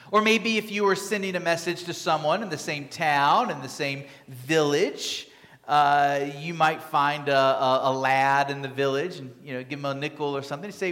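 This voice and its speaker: A pastor preaching a sermon to his congregation in a conversational way, often pausing with fillers and restarting his sentences. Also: fairly high pitch, fairly bright tone. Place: church sanctuary. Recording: long hall reverb.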